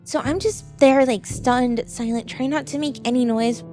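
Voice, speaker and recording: A woman VTuber telling a true story in a casual, animated way, acting out what people said. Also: sits high, normal speed, soft background music. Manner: animated, expressive retelling with quoted dialogue.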